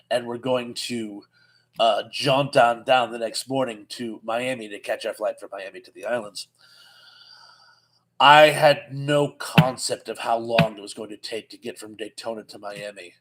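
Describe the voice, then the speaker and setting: A man's voice: medium pitch, a bit bright, rough recording. A man in his fifties hosts a casual live chat, reading out comments and musing on them. His mid-range voice rambles along, tripping over restarts and breaking into chuckles.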